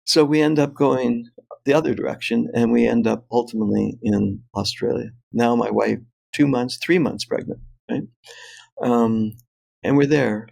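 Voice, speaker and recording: An older man tells a personal story in a gravelly voice, with mid-range pitch. He speaks in an animated, anecdotal way and laughs often. He is a guest on an interview show. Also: normal speed. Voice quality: animated, laughs often while telling stories.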